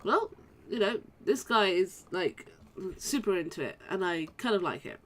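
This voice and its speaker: A woman's voice: mid-range voice, lively intonation, moderate pace, a bit bright, a little hiss or hum. A young woman casually commentating as she plays a role-playing game, chatty and rambling, with many restarts. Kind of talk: casual let's-play commentary.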